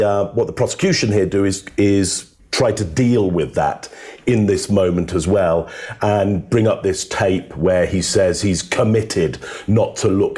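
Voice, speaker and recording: A man, a body language analyst, giving measured casual commentary on video clips with some filler words. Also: on the low side, warm tone.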